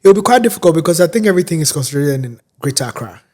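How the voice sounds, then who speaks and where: Guy chatting as a guest, kinda high voice, slow, lots of ums and uhs. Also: animated, a little mellow. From Ghana. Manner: unhurried, pauses often with fillers. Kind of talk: casual interview chat.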